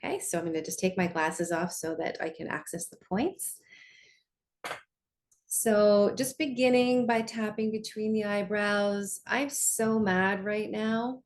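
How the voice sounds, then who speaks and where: A woman's voice: medium pitch, a little mellow. A woman coach leading a guided lesson in a conversational way, often checking in with her listeners. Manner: slows down to guide tapping.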